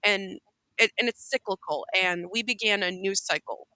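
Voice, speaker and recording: A woman's voice: mid-range voice, normal speed, pushed and bright, no echo, low-quality recording. A woman co-hosting a casual podcast chat, heartfelt and emphatic, often restarting her sentences. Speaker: co-host.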